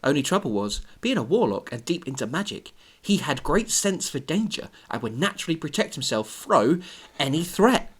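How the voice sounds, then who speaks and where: A man's voice: a little high, moderate pace, husky. Giggly man reading a story. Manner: giggly, animated. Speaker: podcast host and story reader. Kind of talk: reading a story aloud with banter.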